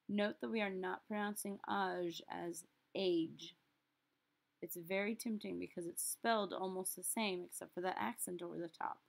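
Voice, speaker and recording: A woman teaching a recorded French lesson, explaining step by step and slowly repeating example phrases. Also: lowish voice, steady tone, gravelly.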